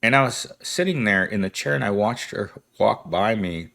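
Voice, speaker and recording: A man's voice: on the low side, animated, normal speed, gravelly, pushed and bright. A young man giving a rambling, wry monologue commentary, correcting himself and laughing as he goes. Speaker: commentary host.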